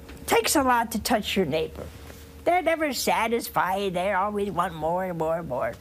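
An older woman, a nun, giving a slow, tender spiritual talk on a call-in program, dropping to a whisper on key phrases. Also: mid-range voice, expressive, slight background noise. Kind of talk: spiritual teaching with phone calls.

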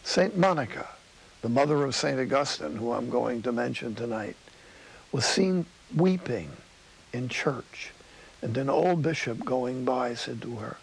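A man preaching a sermon in a studio, telling stories slowly and dropping to a whisper for emphasis. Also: medium pitch, expressive, gravelly, breathy edge, poor audio. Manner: storytelling, slow, drops to a whisper for emphasis.

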